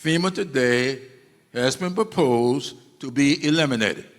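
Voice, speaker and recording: A man's voice: medium pitch, measured pace. A man giving an emphatic public speech to an audience, repeating key phrases for stress. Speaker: speaker addressing an audience. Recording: long reverb of a hall.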